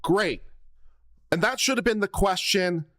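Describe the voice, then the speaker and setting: Slow, blunt male legal commentator. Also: high-pitched, expressive, gravelly, a bit bright. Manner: blunt, exasperated, lecturing. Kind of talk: commentary over a video.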